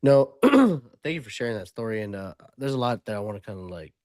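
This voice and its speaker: A man's voice: lowish voice, mellow, no room sound, studio quality. A man, a podcast host and Army veteran, chatting loosely with many fillers. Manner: loose, halting, full of "like" and "uh". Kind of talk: casual interview chat.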